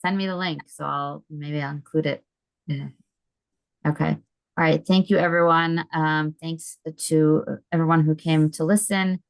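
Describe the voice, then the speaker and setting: Middle-aged American woman host, low gravelly voice, hesitant and halting, dry video-call sound. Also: steady tone, no room sound. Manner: hesitant, many ums and restarts. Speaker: host of an online book event. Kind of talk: casual video call announcements.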